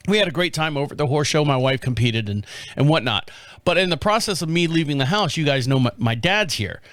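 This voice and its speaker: A man's voice: fairly high pitch, animated, brisk, a bit bright, no echo. A man hosting a casual radio podcast from a studio, telling rambling stories and chuckling often. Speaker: podcast host.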